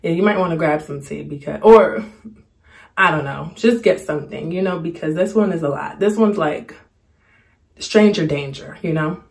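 A young woman chatting casually to the camera, telling a story and acting out the quotes in a higher voice. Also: moderate pace, creaky, darkish tone. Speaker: storytime vlogger.

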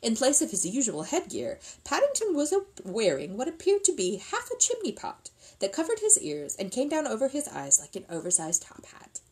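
A woman reading a children's book aloud in an expressive, lilting way. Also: a little high, moderate pace, hardly any pauses, rough recording. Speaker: reader.

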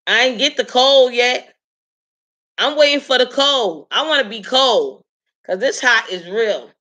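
A woman in her late forties hosting a live stream, chatting casually to her viewers with animated emphasis and frequent laughs. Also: fairly high pitch, unhurried. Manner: animated, emphatic, talks straight to the audience; laughs often while telling stories.

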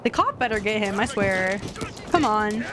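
A young woman streaming a life-sim game, chatting casually to her viewers and getting excitable. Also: medium pitch, normal speed, crowd noise. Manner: chatty, excitable, talks to chat. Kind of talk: casual gameplay commentary.

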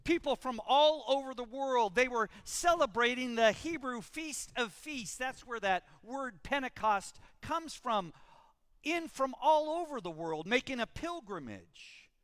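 Slow, lively-voiced male pastor preaching. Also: extremely high pitch, no room sound. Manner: slow, emphatic preaching with dramatic pauses. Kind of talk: sermon with scripture reading and prayer. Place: church sanctuary.

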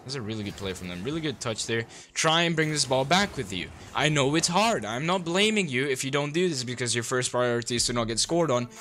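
A man's voice: medium pitch, expressive, brisk, few pauses, a bit bright, a little hiss or hum. A young man coaching a player through a game replay, blunt, sarcastic and full of swearing.

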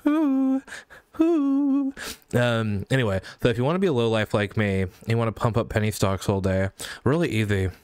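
A man performing a satirical comedy monologue in a mock Valley Girl voice, giggly and rambling, breaking into high squeals. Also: fast talker, clear, resonant tone, no echo, studio quality. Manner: high squeals between sentences. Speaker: YouTuber.

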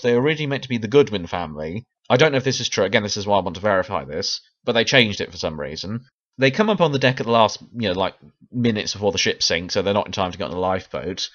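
A man's voice: lowish voice, a bit bright, lo-fi sound. A man chatting casually about a TV miniseries, laughing often and restarting his sentences. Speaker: video essayist. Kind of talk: casual chat review.

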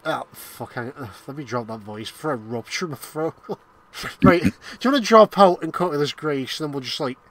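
A man's voice: fairly high pitch, lively intonation, brisk. A man bantering casually while streaming a game, joking crudely, swearing a lot and breaking into bits of song. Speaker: streamer and co-host. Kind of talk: casual, profane gaming banter.

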